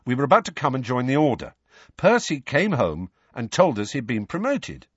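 A man's voice: medium pitch, big pitch swings, normal speed, slightly rough, no echo, highs cut off, pitched above the performer's own voice. A man voicing a blunt, grumbling teenage boy in an audiobook. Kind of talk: audiobook character voice.

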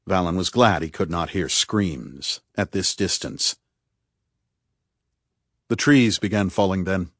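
A man giving measured, grave scripted narration of a novel as audiobook narrator. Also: fairly low pitch, dry recording, clean studio sound.

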